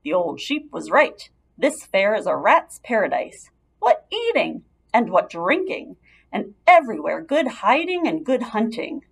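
A woman's voice: mid-range voice, huge pitch swings, a little slow, vocal fry, slightly rough, full character voice. A woman voicing a greedy, sneering male rat in a storybook reading. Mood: gleeful. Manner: sneering, grumbling.

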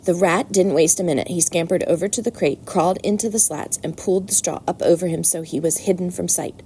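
A woman's voice: lowish voice, brisk, warm tone, slight background noise. Woman reading a storybook aloud.

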